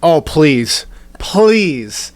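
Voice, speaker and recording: A man's voice: fairly high pitch, sing-song, drawn-out words, noisy background. A man co-hosting a podcast in casual chat, swearing freely and teasing his co-host with wisecracks.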